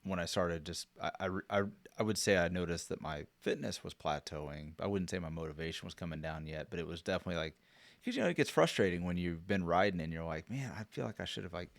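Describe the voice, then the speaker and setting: A man co-hosting a casual podcast, relaxed and easygoing, asking questions and sharing his own experience. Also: low-pitched, fast talker, no room sound. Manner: relaxed, easy laughter, asks questions. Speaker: podcast co-host.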